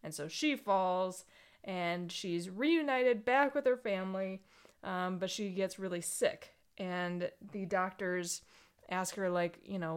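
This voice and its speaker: A woman's voice: mid-range voice, takes it slowly, clean tone. A woman co-hosting a podcast, casually retelling a story with plenty of "like" and "um". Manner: rambling summary full of fillers like "like" and "um". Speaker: podcast co-host.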